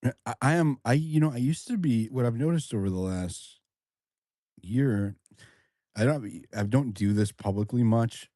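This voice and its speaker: A man hosting a casual audio chat room, talking haltingly with many restarts. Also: mid-range voice, expressive, warm tone, no room sound, clean studio sound.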